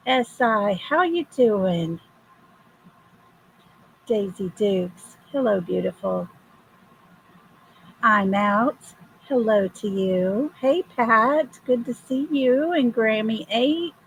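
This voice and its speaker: Older woman, hoarse livestream host: slow, gravelly, husky. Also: a little high, a little hiss or hum, poor audio. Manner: slow, friendly greetings to viewers. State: hoarse from illness. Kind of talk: casual livestream chat.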